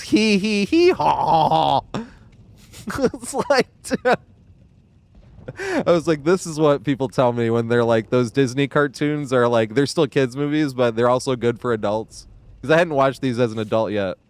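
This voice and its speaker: A man's voice: mid-range voice, smooth. Rambling, laughing gaming streamer guy. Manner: rambling, laughs often, swears casually. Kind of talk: casual gaming stream chat.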